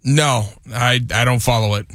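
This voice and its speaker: A man with a Boston accent, co-hosting a radio show in relaxed, defensive banter. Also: medium pitch, normal speed, dry recording, studio quality. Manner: laid-back, defensive, chuckles often. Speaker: radio co-host. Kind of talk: casual studio banter. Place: radio studio.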